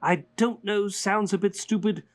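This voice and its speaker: A man's voice: high voice, fairly even intonation, measured pace, pitched above the performer's own voice. A man putting on a Joker voice to read out a listener's letter, theatrical and sing-song. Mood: playful. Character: man doing a Joker voice reading a fan letter. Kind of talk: reading a listener letter aloud.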